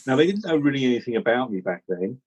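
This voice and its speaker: A man from England telling a rambling, animated story about joining a cricket commentary team, in casual chat with many restarts. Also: mid-range voice, fast, slightly rough, low-quality recording. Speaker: regular commentator recalling how he joined.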